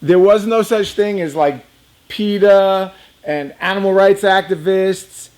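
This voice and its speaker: A man's voice: sits high, takes it slowly, a little mellow. A man in his fifties casually telling a personal story, chatty and laughing often, talking straight to young viewers. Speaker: reptile business owner.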